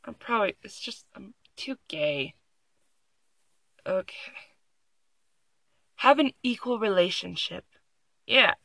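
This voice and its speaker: Reading an article into a phone in a room at home, a young adult vlogger gives sarcastic, giggly, rambling reaction commentary. The mid-range voice is expressive, creaky, bright, and forceful, with a slow pace and frequent pauses, recorded dry.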